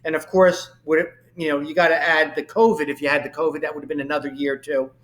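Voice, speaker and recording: A man's voice: a little high, level tone, fast, a bit bright. A man hosting a sports interview, eagerly running through a guest's career record. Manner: enthusiastic, reads off career stats. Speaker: show host. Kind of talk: interview podcast.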